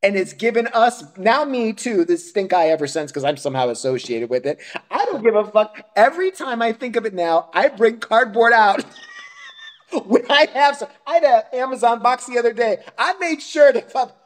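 A man's voice: very high voice, animated, moderate pace. A man co-hosting a podcast, ranting crudely and profanely in casual chat, often breaking into laughter. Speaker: podcast co-host.

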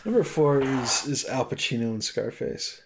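A man co-hosting a casual podcast chat, talking in halting restarts and laughing often. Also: medium pitch, animated, noisy background. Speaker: podcast co-host.

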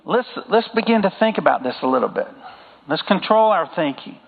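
A man's voice: high voice, sing-song, a little fast, creaky. A man with a Southern accent preaching a sermon to a congregation, talking in a conversational way and asking them for amens. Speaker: pastor. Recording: phone-like sound with long hall reverb.

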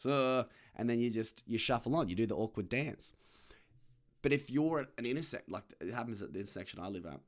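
A young Australian man rants from the seat of his car, swearing freely. His voice sits at a middle pitch, and he swings between loud bursts and low asides. He slips into other people's voices to make his point. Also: animated, a little fast. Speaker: podcast host. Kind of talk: casual ranting monologue. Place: parked car.

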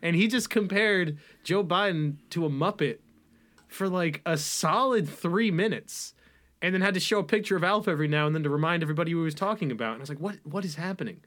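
A young man chats on a podcast in a loose, rambling way, worked up and mocking as he goes. His voice sits a little high for a man. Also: quick pace. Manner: animated, rambling, mocking impressions. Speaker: podcast co-host. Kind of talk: casual podcast chat.

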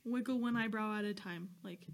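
A woman's voice: medium pitch, fairly quick, creaky. A young adult woman hosting a casual chat podcast, rambling and laughing often. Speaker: podcast host.

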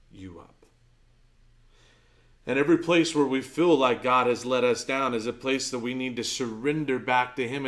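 A man preaching a sermon as pastor, conversational and earnest, telling stories and dropping to a soft, low voice for his key points.

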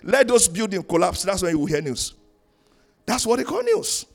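Pastor preaching, high voice, goes loud and singsong then drops low, bit of music behind. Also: male voice, wildly swooping pitch, normal speed, vocal fry. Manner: emphatic preaching, swings between loud sung-out lines and low asides. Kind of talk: sermon. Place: church in Canada.

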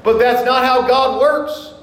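A middle-aged male pastor preaching a sermon, earnest, slowing down for scripture quotes. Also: very high-pitched, fairly even intonation, fairly bright tone. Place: church sanctuary. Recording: echoey hall, mic in room.

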